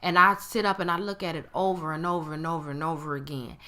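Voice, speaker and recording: A woman's voice: low voice, steady tone, fast, pushed and bright. A woman giving a motivational talk to camera, emphatic and given to acting out other people's tones. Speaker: motivational speaker.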